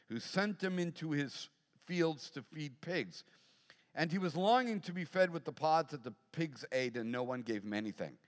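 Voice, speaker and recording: A middle-aged man, a pastor, preaching a sermon and telling a personal story, animated and acting out voices. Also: a little high. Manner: animated storyteller, acts out voices, laughs often. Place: large church hall. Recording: long hall reverb.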